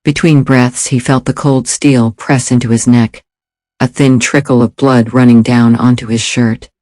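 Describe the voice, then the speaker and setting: A man narrating an audiobook thriller in steady, even storytelling. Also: medium pitch, a little slow, dry recording, studio quality. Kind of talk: scripted narration.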